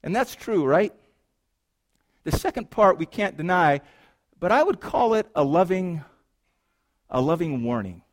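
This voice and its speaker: Here a pastor with a high voice addresses his congregation at normal speed, pausing often. His delivery is playful and lively, hushed for serious moments and loud and excited elsewhere.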